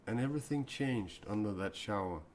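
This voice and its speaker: Low-voiced male spiritual speaker, halting and heartfelt, live-stream monologue. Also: a little mellow, slight background noise. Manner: earnest, confessional, halting. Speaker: self-described mystic and spiritual speaker. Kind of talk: improvised live-stream talk.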